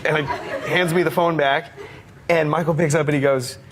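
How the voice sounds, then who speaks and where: A man telling a story casually in an interview, animated, laughing often and stumbling over his words. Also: fairly high pitch, normal speed, a crowd in the background, background noise. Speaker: interview guest.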